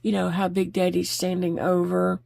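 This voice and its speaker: A woman's voice: on the low side, completely flat delivery, normal speed, creaky, a little mellow, dry recording. A woman chatting openly while she crochets, laughing easily as she talks. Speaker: crochet vlogger. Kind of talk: casual chat while crocheting.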